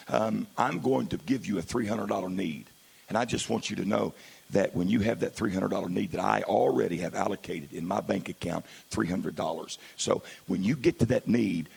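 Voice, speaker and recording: A man pastor preaching a sermon, swinging from quiet asides to loud, drawn-out exclamations. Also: lowish voice, gravelly, husky.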